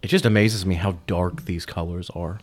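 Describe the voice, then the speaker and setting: A man's voice: low-pitched, steady tone, moderate pace. A man in casual podcast chat, describing the taste of a beer thoughtfully. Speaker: podcast co-host.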